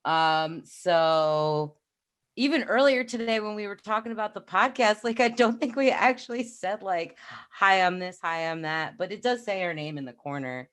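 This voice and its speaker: A woman's voice: mid-range voice, lively intonation, normal speed. A woman in her thirties from New York with a New York accent, co-hosting a podcast and chatting casually on a livestream, rambling and laughing often. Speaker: podcast co-host.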